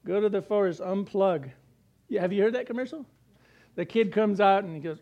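A middle-aged man preaching a sermon, animated, with jokey asides and acted-out quotes. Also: high voice, fairly quick, lo-fi sound. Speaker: pastor.

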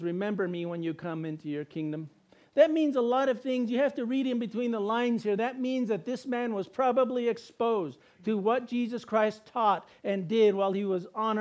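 A man preaching a sermon with an emphatic, repetitive cadence and sudden loud bursts. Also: extremely high pitch.

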